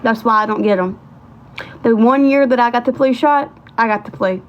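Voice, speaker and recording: A woman in her thirties with a high, bright-pitched voice chats on a livestream. She rambles and piles on colloquial asides as she tells her stories. The audio is a little dull and lo-fi. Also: moderate pace. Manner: chatty, animated, rambling with Southern colloquialisms. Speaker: livestream host. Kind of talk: casual livestream storytelling.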